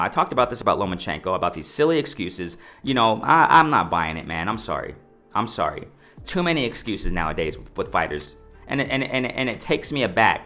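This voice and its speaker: A man giving opinionated, casual boxing commentary to his viewers, emphatic and repetitive, often calling them ladies and gentlemen. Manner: lively pitch swings, mimics others in raised voice.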